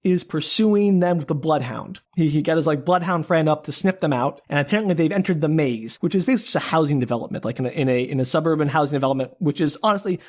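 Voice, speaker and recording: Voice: medium pitch, quick pace, hardly any pauses, darkish tone. A podcast host casually retelling a novel's plot to a co-host, with frequent "like"s, restarts and self-amused asides. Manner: chatty, lots of "like" and restarts, laughs at own jokes. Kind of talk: casual book recap chat.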